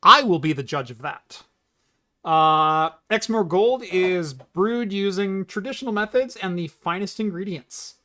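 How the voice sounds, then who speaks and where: A man's voice: high-pitched, expressive, unhurried, bright, forceful tone. A man co-hosting a casual tech podcast, reading labels aloud and mock-ranting about pronunciation. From United States. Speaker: podcast co-host. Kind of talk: casual chat.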